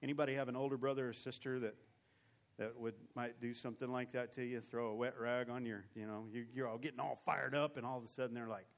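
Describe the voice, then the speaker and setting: Emotional preacher reading scripture. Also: male voice, mid-range voice, flat delivery, fast talker. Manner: reads old scripture aloud, then comments with emotion and emphasis.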